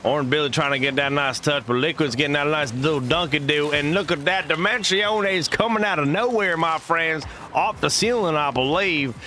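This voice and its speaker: A man's voice: fairly high pitch, moderate pace, few pauses, pushed and bright, slight background noise, pitched above the performer's own voice. A man doing a hyped Southern-accented caster. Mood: excited. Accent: put-on Southern US. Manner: hyped, goofy made-up slang. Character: folksy Southern-accented male game caster. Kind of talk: live esports commentary.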